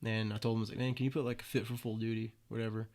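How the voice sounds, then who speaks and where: A man's voice: on the low side, little pitch movement, rapid-fire, darkish tone. A young man, a podcast guest, casually telling stories with plenty of swearing and acted-out quotes. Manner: laid-back, swears freely, acts out quoted voices. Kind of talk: casual storytelling interview.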